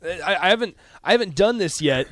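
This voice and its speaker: A man's voice: high-pitched, expressive, fairly quick, fairly bright tone, no echo. A male sports radio co-host chatting casually and answering trivia, stammering a little and playing himself down. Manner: stammering, self-deprecating, laughs easily. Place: radio studio. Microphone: studio microphone.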